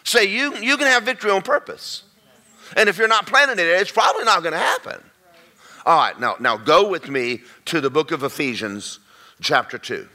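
A man preaching a folksy, emphatic sermon, slowing down to stress key words. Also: sits high, animated, sharp tone.

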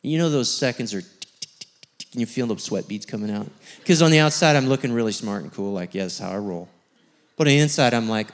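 A man preaching as a guest speaker, telling a story with lively acted-out voices, then teaching. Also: mid-range voice, quick pace. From rural background. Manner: animated, acts out voices in his stories. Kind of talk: sermon storytelling.

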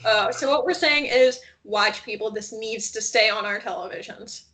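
A woman co-hosting a casual chat show, telling stories in an animated way and quoting people as she goes. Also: on the high side, normal speed. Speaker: podcast co-host. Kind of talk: casual chat about reality TV.

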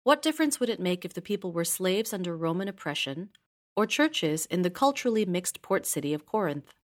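A woman narrating a scripted lesson on Bible study, reading in a measured, even way with slow emphasis on key words. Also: lowish voice. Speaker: course narrator.

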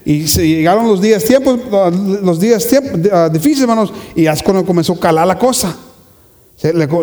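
A man's voice: high voice, darkish tone. A man preaching a sermon with passion, repeating phrases and building to emphatic peaks. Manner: impassioned, repeats himself, rises to emphatic peaks. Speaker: pastor. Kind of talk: bilingual sermon. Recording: long hall reverb.

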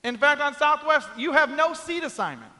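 A man's voice: extremely high pitch, lively intonation, moderate pace, bright, forceful tone, big-room sound. A man preaching a sermon, telling a comic story and acting out the quoted voices. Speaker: pastor.

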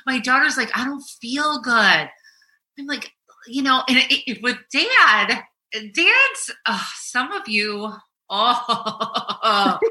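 A middle-aged woman chats on a podcast with a very bright, ringing tone. She tells exasperated stories at an animated clip and swears as she goes. Her voice sits a little high. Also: takes it slowly. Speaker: podcast co-host. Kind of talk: casual chat.

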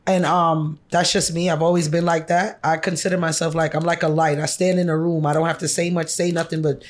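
A woman's voice: deep voice, a little fast. A middle-aged woman talking bluntly and with profanity as a podcast guest, telling stories about her life in a casual chat. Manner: blunt, profane, animated storyteller.

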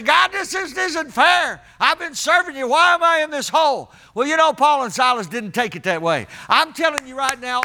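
A man's voice: very high-pitched, pushed and bright. A man preaching a sermon in a folksy, emphatic way, calling out to the congregation as he tells stories.

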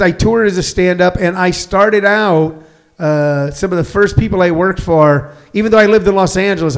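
High-voiced chatty radio host. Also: male voice. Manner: chatty, laughs easily, many fillers. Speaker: radio host, former stand-up. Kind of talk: casual radio interview.

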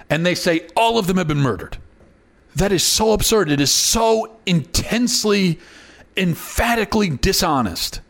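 A man hosting a political commentary show, arguing in an emphatic monologue that climbs into indignant outbursts, often repeating and restarting words. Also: on the high side. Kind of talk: opinion monologue.

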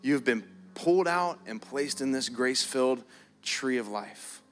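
In a church hall, an animated pastor preaches a sermon in a medium-pitched voice at a moderate pace, soft keys playing underneath. He earnestly repeats and elongates words for emphasis.

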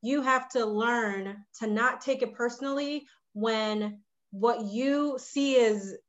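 A woman who runs a short-term rental, telling a story in a casual podcast chat and getting animated when she quotes people. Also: on the high side, slow, lo-fi sound.

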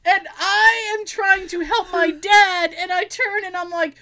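A woman telling family stories in a casual chat, animated, swearing freely and laughing often. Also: very high voice, measured pace, creaky, a little hiss or hum.

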